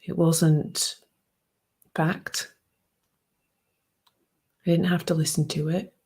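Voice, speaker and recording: A woman in her fifties giving a soft-spoken, reflective personal talk that often sinks to a hushed near-whisper. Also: deep voice, flat delivery, slow, breathy edge. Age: 50s. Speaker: speaker sharing a personal reflection.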